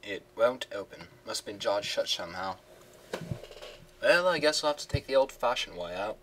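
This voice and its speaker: A man voicing a suave British gentleman thief in a deliberately hammy put-on British accent, with game music behind. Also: lowish voice, lively intonation, a little hiss or hum. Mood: dry.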